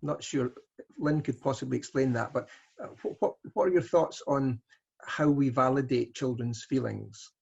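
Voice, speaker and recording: A moderator asking a question in a webinar, halting and hesitant. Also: medium pitch, vocal fry, a little mellow, slightly rough. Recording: dull lo-fi audio.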